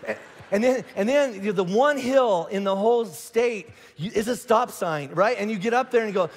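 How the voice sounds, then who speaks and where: A man's voice: high voice, normal speed. A middle-aged man from Indiana preaching a sermon as pastor, telling stories with acted-out voices and frequent restarts. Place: large church auditorium. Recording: long hall reverb.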